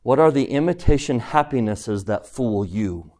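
A man's voice: mid-range voice, lively intonation, moderate pace, darkish tone. A man teaching a scripture class, who keeps asking his students questions and repeats key phrases for emphasis. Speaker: religion teacher.

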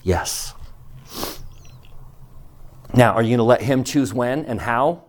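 A man teaching a scripture class, emphatic and animated, calling on students by name in a classroom. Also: mid-range voice, brisk. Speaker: religion teacher.

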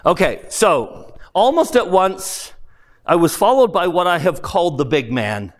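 An earnest male preacher talks to his congregation in a warm, conversational way. His voice sits a little high and moves with lively swings of pitch. He takes his time between phrases. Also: a little slow. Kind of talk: sermon with book reading.

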